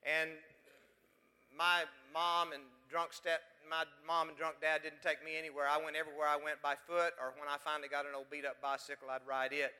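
A man's voice: a little high, completely flat delivery, normal speed, sharp tone, smooth, big-room sound. A pastor from West Texas, preaching a sermon full of emphatic rhetorical questions to his congregation.

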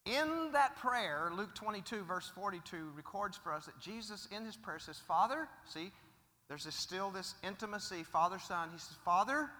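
A man preaching a sermon as pastor, swinging from loud declarations to hushed asides. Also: a little high. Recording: long reverb of a large hall.

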